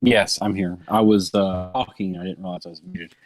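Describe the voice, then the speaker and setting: A man playing a tabletop game over voice chat, speaking loudly and hesitantly. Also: low-pitched, normal speed, no echo. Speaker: player.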